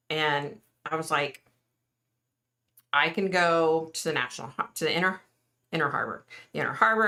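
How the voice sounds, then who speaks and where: A middle-aged woman chats casually on a livestream, talking to her viewers in an earnest way and answering their comments as she goes. Her voice sits a little low but has a bright, forward edge. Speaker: livestream host.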